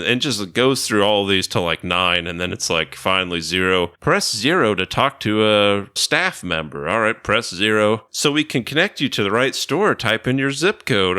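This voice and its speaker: A man's voice: lowish voice, sing-song, moderate pace, hardly any pauses, pushed and bright, smooth, no echo, clean studio sound. Riled-up man telling a rant story. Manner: acts out other people's lines in mimicking voices, laughing often. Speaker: podcast co-host.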